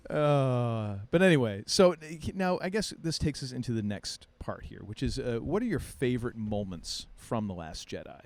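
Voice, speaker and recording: Animated male podcast host. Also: mid-range voice, moderate pace, hardly any pauses. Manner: animated, playfully contrarian, many restarts. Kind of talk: casual podcast chat.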